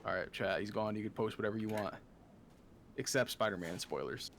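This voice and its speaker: A man's voice: fairly low pitch, fairly quick, a bit bright, slight background noise. A man with an American accent joking and teasing while playing a co-op game on stream. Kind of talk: casual co-op gaming chat. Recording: game music underneath. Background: game music.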